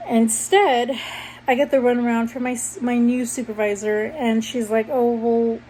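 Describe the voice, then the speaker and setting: A woman's voice: fairly high pitch, steady tone, normal speed, darkish tone, rough recording. Rambling woman telling a personal story. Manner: rambling, self-correcting, conversational. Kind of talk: casual storytelling to camera. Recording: faint background noise.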